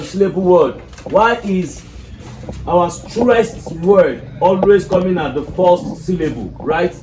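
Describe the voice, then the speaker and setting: A man's voice: high-pitched, darkish tone. Nigerian male teacher in an echoey classroom. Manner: questioning students, repeats "are you getting me". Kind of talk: classroom English lesson. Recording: echoey classroom from far off with noise.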